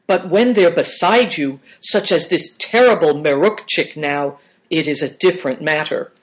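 A woman narrating a children's adventure book aloud, calm and even. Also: low-pitched, moderate pace. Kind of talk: storybook reading aloud.

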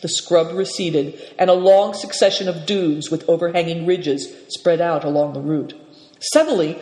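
A reader narrating a children's novel aloud, steady yet expressive. The pitch moves lively through each line. The recording has a roomy echo with a long reverb tail. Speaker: storyteller. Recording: echoey room with long reverb.

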